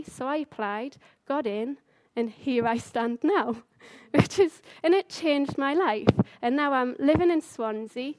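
Chatty woman preaching, high voice. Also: a little mellow, no echo. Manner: chatty, enthusiastic storyteller. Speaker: speaker giving a church talk. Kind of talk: sermon with personal story.

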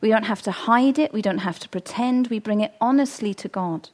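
A woman's voice: mid-range voice, a little fast, a little mellow. A middle-aged woman preaching a sermon, earnest and emphatic, repeating her key phrases.

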